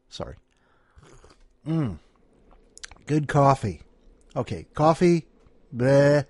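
A man's voice: medium pitch, no room sound. Male podcast host, chatty and joking, rambling, dry close mic. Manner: playful, rambling. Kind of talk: casual chat.

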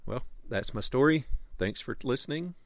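A man's voice: mid-range voice, expressive, normal speed, no echo. A man reading his own short story aloud in an easygoing, friendly manner. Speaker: story contributor.

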